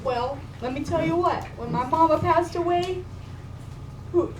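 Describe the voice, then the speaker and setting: High-voiced woman, emotional and casual. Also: unhurried. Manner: emotional, casual, swears and says dude. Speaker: speaker at a memorial gathering. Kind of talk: personal storytelling to an audience. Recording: echoey room, distant mic, background noise.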